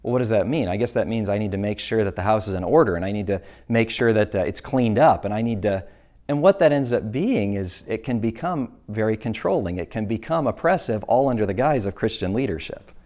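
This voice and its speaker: A man's voice: lowish voice, lively intonation, a little fast, a little mellow. A man giving a church presentation to an audience, speaking earnestly and plainly, often correcting himself mid-sentence. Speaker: speaker at a church talk on abuse.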